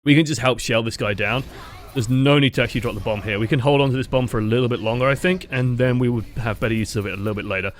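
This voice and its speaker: Fast-talking young man coaching gameplay. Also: mid-range voice. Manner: fast, casual, swears freely, self-mocking asides. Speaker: game coach. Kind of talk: gameplay review commentary.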